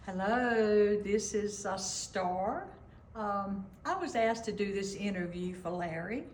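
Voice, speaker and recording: Give me a slow-speaking woman teasing playfully in an echoey room. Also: mid-range voice. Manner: playful and teasing, then sincere. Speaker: longtime employee interviewed for a tribute. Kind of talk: casual tribute remarks.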